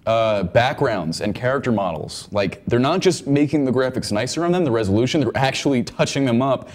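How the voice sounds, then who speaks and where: A man co-hosting a gaming podcast in casual chat, rambling and repeating words as he gets excited about game news. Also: medium pitch, brisk. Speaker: podcast co-host.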